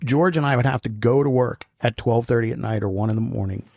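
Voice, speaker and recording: With a medium-pitched, darkish voice marked by vocal fry, a middle-aged male podcast co-host talks fast. Casual and meandering, he tells stories, laughs often, and voices the quotes himself.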